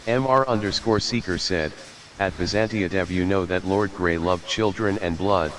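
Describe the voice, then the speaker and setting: Male text-to-speech voice, very low, flat reading of chat messages, faint hiss behind. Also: normal speed. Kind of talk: synthetic reading of viewer messages.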